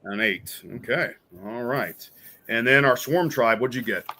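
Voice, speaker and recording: A man's voice: medium pitch, a little slow, pushed and bright. A man running a tabletop role-playing game as game master. He talks in a loose, chatty way, with fillers, and he laughs easily.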